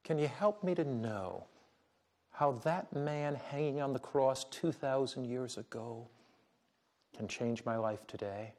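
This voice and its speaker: A man voicing a crusty, gruff old male ex-Marine who is remorseful and pleading for help. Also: mid-range voice, slow pace, darkish tone. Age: older.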